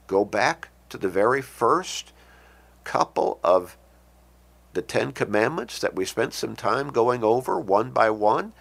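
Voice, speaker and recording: A man preaching a sermon, reading scripture with emphasis and explaining it in a measured, pausing way. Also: on the low side, big pitch swings, vocal fry. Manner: emphatic, rising on scripture quotes, pausing and restarting.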